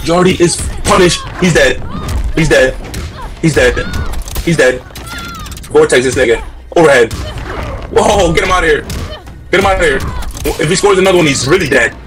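A man on a headset mic giving loud, heated live commentary on fighting-game matches, shouting often, repeating himself and trash-talking with profanity. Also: fairly high pitch, unhurried, pauses often, faint music behind. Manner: loud, excitable trash-talk with frequent shouting.

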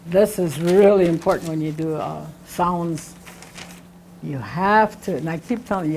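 A woman teaching a language class, explaining slowly and repeating words and phrases for emphasis. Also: on the low side, darkish tone, a little hiss or hum, poor audio. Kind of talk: classroom lecture.

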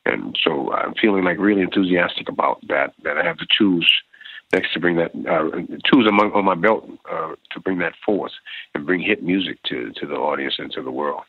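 Deep raspy american guy on a tinny phone line, talks in halting starts. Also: no room sound. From United States. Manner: emotional, halting, many restarts. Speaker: drummer guest. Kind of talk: phone interview.

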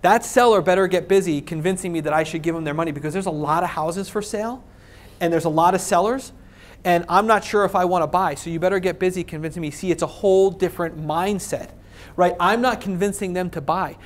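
A man speaking at a live real estate seminar, talking with energy, stressing his points, checking in with "right?" and acting out sellers' lines. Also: sits high. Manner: energetic, emphatic, repeats points and asks the audience "right?"; acts out sellers' questions and excuses in quick quoted voices.

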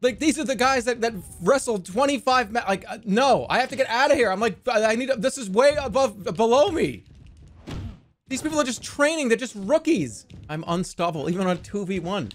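Brief: male streamer, high and bouncy voice, excitable and swearing, casual game commentary. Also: fairly quick. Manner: excitable, laughs often, swears.

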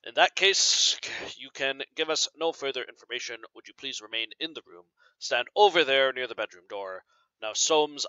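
A man reading aloud as a calm, suave detective questioning a suspect. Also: mid-range voice, dry recording, natural voice. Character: calm probing male detective interrogating. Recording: slightly dull lo-fi recording.

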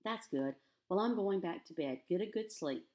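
Woman reads awkward, gentle old farm wife; soft, hesitant, low. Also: lively intonation, moderate pace, close to an everyday voice. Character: kindly, awkward older farm woman, plain-spoken.

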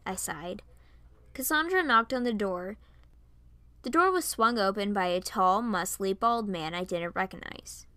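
A woman reading a first-person fan story aloud, soft and plain, close on a home mic. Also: mid-range voice, normal speed, smooth, no room sound.

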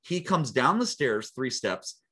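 A middle-aged man, a guest speaker and coach, telling his story in an interview with lively acted-out quotes and frequent laughs. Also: medium pitch, unhurried, breathy edge. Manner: animated storyteller, acts out quotes, laughs often. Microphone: small mic worn on body.

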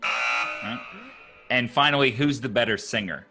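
A man's voice: medium pitch, unhurried, creaky, music in the background. A man hosting a casual web show, upbeat and chatty with loose fillers. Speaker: show host.

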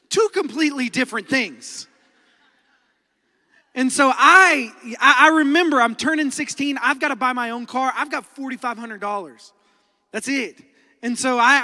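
A man in his thirties with an Oklahoman accent, preaching a sermon as a lively storyteller who acts out quotes and laughs often. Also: very high voice. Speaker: pastor. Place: large church hall. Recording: long hall reverb.

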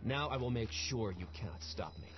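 A man plays a cold, menacing villain from a mystery game, taunting the detective with a steady, mid-pitched voice. The line is a slightly dull, muffled game recording with music playing behind it. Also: fairly quick, natural voice.

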